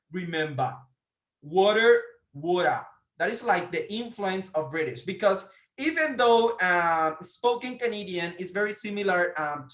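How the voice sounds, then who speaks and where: Male presenter teaching a language lesson: slow, bright-voiced, halting with fillers, roomy echo. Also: high voice. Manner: hesitant, many fillers and self-corrections. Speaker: presenter teaching about English pronunciation. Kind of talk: explanatory lesson.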